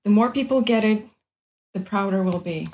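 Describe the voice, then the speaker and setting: A woman from Kabardino-Balkaria, a guest on a video call, who tells her story in an emotional, expressive way. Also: medium pitch, normal speed. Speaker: guest, former scholarship student. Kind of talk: casual interview over video chat.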